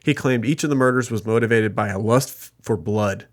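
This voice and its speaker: A man's voice: on the low side, a little fast. A man co-hosting a true crime podcast, retelling a case from notes with jokey asides. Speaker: podcast co-host.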